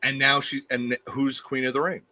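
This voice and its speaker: A man's voice: mid-range voice, flat delivery, moderate pace, bright, forceful tone. A man appearing as a guest reviewer, talking in an emphatic, opinionated way and often repeating himself. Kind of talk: casual opinionated chat.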